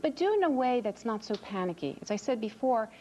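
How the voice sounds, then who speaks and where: A woman's voice: fairly high pitch, very animated, fast, mellow, slight background noise. A woman child psychologist answering as a TV interview guest, earnest and reassuring, often repeating words as she starts a sentence. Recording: dull lo-fi TV audio.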